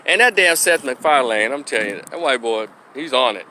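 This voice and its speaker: A man's voice: medium pitch, lively intonation, fairly quick, pushed and bright, slight background noise. A middle-aged man from Memphis giving a blunt, opinionated monologue for his vlog, now and then acting out the voices he quotes. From Memphis, Tennessee. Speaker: opinion commentator.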